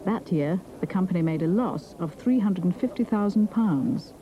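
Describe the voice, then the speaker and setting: A woman reading a documentary narration in a measured, even way. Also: on the low side, highs cut off, slight background noise. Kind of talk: scripted narration.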